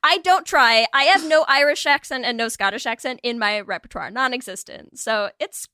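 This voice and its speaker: Woman podcast co-host, bright tone, lively and swearing, dry sound. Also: on the high side, moderate pace, dry recording. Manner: giggly, animated, swears casually. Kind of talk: casual podcast chat.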